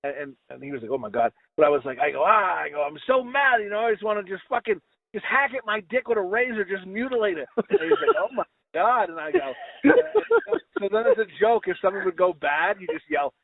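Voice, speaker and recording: A man's voice: high voice, big pitch swings, brisk, vocal fry. A man co-hosting a podcast in casual chat, joking crudely and laughing a lot. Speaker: podcast co-host. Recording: tinny phone-like sound.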